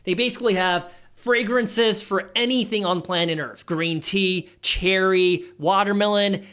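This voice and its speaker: A man in his thirties hosting a casual stock-analysis tutorial, chatty and animated, dropping jokey asides as he walks through the numbers. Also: sits high, a little slow, clean tone. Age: 30s. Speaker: investing channel host.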